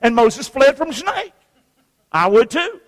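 High-voiced preacher in an echoing hall. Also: male voice, very animated, unhurried. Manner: call-and-response, folksy, reads scripture aloud. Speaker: pastor. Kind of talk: sermon. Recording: long reverb of a large hall.

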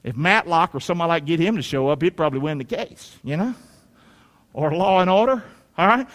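A male pastor, preaching an animated sermon that swings from shouts to quiet asides. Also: on the high side, brisk, in a large hall.

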